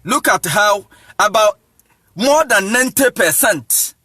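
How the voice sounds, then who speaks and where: Ghanaian man, deliberate teacher cadence, keeps asking if you follow, chuckles. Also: sits high, animated, bright, forceful tone, slightly rough, no echo, clean studio sound. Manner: insistent, repeats "you see what I'm saying", chuckles often. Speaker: evangelist teaching. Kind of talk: informal lecture monologue.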